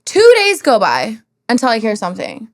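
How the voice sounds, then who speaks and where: Animated woman telling candid stories. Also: on the high side, moderate pace. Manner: animated, swears freely, acts out what others said. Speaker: guest. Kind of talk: candid interview storytelling.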